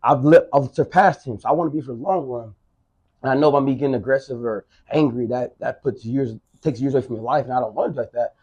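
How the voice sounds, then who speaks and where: A man's voice: medium pitch, fast talker, darkish tone, husky, dull audio. A man in his thirties chatting casually on a podcast, rambling and repeating himself, with plenty of swearing. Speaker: podcast co-host. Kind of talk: casual chat.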